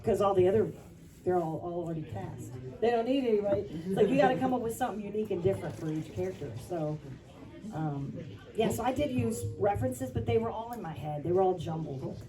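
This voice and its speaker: A voice actress talking on a convention panel in an animated, expressive way. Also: female voice, medium pitch, fast talker. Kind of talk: panel talk. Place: convention hall. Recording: from far off, over crowd noise.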